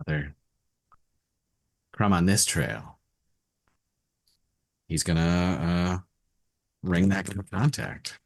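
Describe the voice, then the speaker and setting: A man's voice: low voice, slow, long pauses. A man playing a tabletop role-play game, describing what his character does in the third person. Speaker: player.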